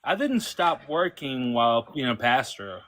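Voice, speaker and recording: Hesitant man with a bright voice. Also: medium pitch, sing-song, a little slow. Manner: hesitant, full of "uh" and "you know". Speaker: caller, former pastor. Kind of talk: casual call-in chat.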